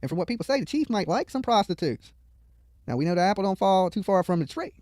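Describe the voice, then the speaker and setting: A man's voice: high voice, sing-song, fast, darkish tone, no echo. A man giving profane, mocking live commentary on a video from a studio, heckling the people on screen and rambling into stories.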